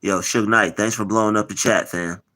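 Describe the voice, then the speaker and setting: A man's voice: lowish voice, steady tone, normal speed, sharp tone. A man hosting a live stream, talking casually, teasing and replying to his chat with lots of repetition. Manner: mocking, repetitive, replies to chat.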